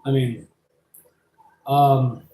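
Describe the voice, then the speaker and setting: A man hosting a casual live stream, rambling and excitable, laughing and swearing as he talks. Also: mid-range voice, drawn-out words. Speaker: live-stream host showing his pet invertebrates. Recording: echoey room with faint ambience.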